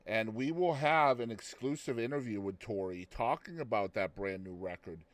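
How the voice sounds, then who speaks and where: A man's voice: on the low side, moderate pace, no room sound. A man from Boston hosting a music show, talking in a loose, chatty way with lots of ums. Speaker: radio show host.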